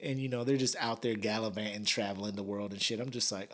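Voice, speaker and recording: With a fairly low voice and a quick pace, a man hosts a podcast in an animated, slang-filled style. He laughs a lot while giving his commentary.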